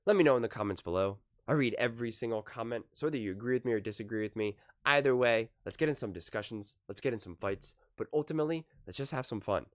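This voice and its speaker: A man hosting his own sports commentary vlog, ranting with animated energy and acting out the fans he quotes. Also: mid-range voice, fast, hardly any pauses, no room sound, studio quality. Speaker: sports commentary channel host.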